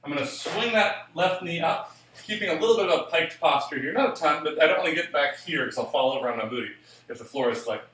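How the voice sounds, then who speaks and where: A man's voice: fairly high pitch, fast talker, fairly bright tone, distant mic. A man teaching a solo jazz dance class, counting beats and calling steps aloud while he demonstrates. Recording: echoey room, voice from off the mic.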